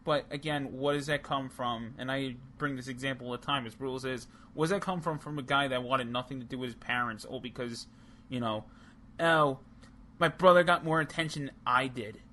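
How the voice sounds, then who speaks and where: A man's voice: mid-range voice, steady tone, a little fast, pushed and bright, a little hiss or hum. A man co-hosting a casual wrestling podcast, talking heatedly and profanely, rambling with many restarts. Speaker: podcast co-host. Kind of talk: casual chat.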